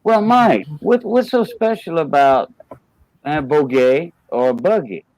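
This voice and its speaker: A man's voice: on the high side, expressive, darkish tone, no echo, low-quality recording. A man with a Cajun accent hosting a casual livestream chat, playful and teasing, repeating words. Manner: playful, teasing, drawn-out repetitions. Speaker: livestream host.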